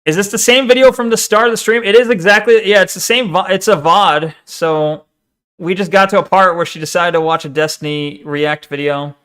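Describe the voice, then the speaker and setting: A male streamer chatting casually while reacting to a video, with a high voice. His tone is bright, and he swears and laughs freely. When he gets excited, he trips into stammers. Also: fairly quick, clear, resonant tone. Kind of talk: casual chat.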